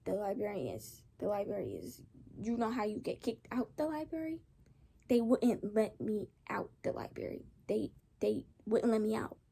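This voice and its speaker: A woman's voice: medium pitch, normal speed, gravelly, breathy edge. A young woman casually telling a storytime, rambling along with slang and lots of restarts. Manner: rambling, animated retelling with slang.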